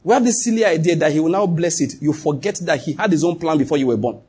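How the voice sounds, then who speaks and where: A man's voice: on the high side, animated, quick pace, a little mellow, slightly rough. A man preaching a sermon as pastor, emphatic, often throwing questions to the congregation.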